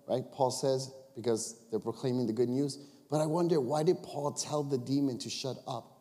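A man preaching a sermon as pastor, animated and conversational, often asking rhetorical questions. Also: medium pitch, moderate pace, long reverb tail.

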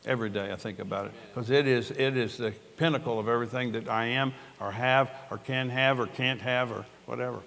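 A man's voice: medium pitch, fairly even intonation, fairly quick, creaky, few pauses, a bit bright. An older man, a pastor, preaching a sermon in an earnest, conversational way and telling stories with quoted dialogue. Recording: long reverb of a large hall.

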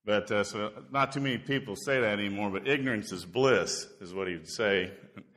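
Guest preacher, 60s, from Indiana; lowish, bright voice; folksy, rambling church talk. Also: male voice, fairly quick. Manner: self-deprecating storyteller, many "uh" fillers. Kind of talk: folksy sermon opening. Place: church sanctuary.

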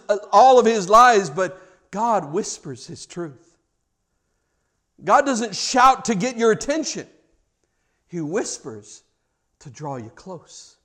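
A man preaching a sermon with a slightly higher-than-usual voice. His delivery is dramatic, swelling to loud, emphatic questions and sinking to soft, hushed phrases. He slips in light jokes along the way. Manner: humorous asides. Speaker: pastor.

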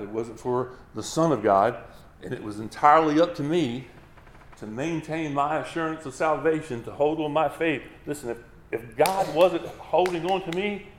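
A man's voice: mid-range voice, roomy sound, a little hiss or hum. A man preaching a sermon as a pastor, driving each point home with emphatic repetition.

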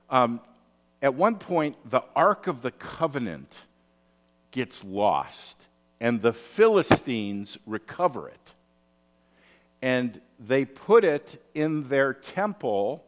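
A man preaching a sermon, telling stories in an animated way with asides and rhetorical questions. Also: medium pitch, slow. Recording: long hall reverb.

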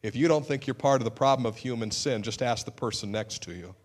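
A man's voice: medium pitch, quick pace. Earnest preaching man. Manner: earnest, with sudden emphatic outbursts and self-deprecating humor. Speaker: pastor. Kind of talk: sermon.

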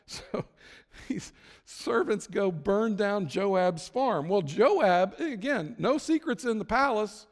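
With lively intonation and a high, unhurried voice, a man casually narrates a sermon story, now and then slipping into the characters' dialogue. The sound carries a long hall reverb.

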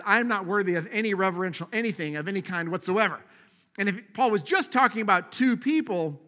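A man's voice: sits high, sharp tone. A middle-aged man preaching a sermon as pastor, conversational and self-deprecating, laughing at himself now and then.

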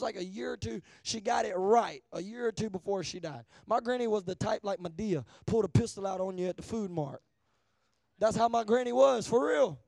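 A man preaching a sermon, asking the crowd for an amen, swinging from hushed to loud. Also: high-pitched, vocal fry, dry recording. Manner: call-and-response, asking amen often; shifts between hushed and loud.

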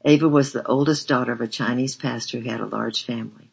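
A man reading a first-person memoir aloud in a measured, earnest way. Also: mid-range voice, fairly even intonation, vocal fry, slightly rough, muffled recording. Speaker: audiobook narrator.

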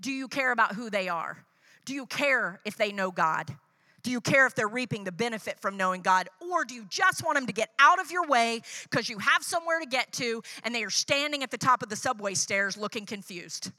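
A woman's voice: a little high, lively intonation, brisk, bright, forceful tone, dry recording. A woman preaching a sermon through personal stories, talking conversationally, checking in with "right?" and acting out the dialogue she quotes. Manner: conversational, tags lines with "right?".

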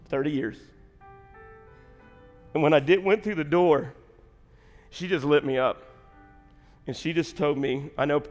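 A man's voice: fairly high pitch, vocal fry. A male pastor telling a story in a sermon and preaching to his congregation. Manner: storytelling, rising to impassioned preaching. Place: church sanctuary. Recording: long reverb in a large hall.

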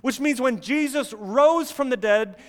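A man preaching a sermon, emphatic at times and dropping to quiet intensity. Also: very high-pitched, a little slow, long reverb tail.

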